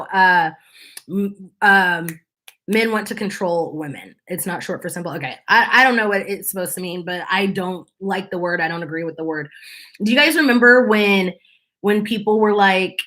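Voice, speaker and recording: A woman's voice: mid-range voice, pushed and bright. A woman hosting her channel, talking casually to viewers in an exasperated, sarcastic, opinionated way. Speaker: channel host.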